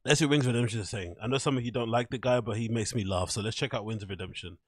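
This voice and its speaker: A man's voice: medium pitch, very fast, no room sound, clean studio sound. A man hosting a casual commentary show, swearing freely, laughing often and talking to his chat viewers. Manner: crude, swearing, laughs a lot; chats to live chat viewers. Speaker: show host. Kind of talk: casual commentary on online clips.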